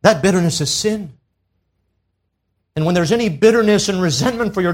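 A man's voice: sits high, animated, fairly quick, pauses often. A man preaching a sermon to a church congregation, emphatic, pressing his listeners with rhetorical questions. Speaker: pastor. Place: church service.

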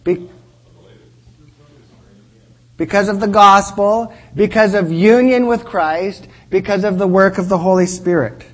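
High-voiced man teaching in an earnest sermon style. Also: unhurried, pauses often, low-quality recording. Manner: earnest, repeats key phrases for emphasis, checks in with listeners. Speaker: preacher teaching a class.

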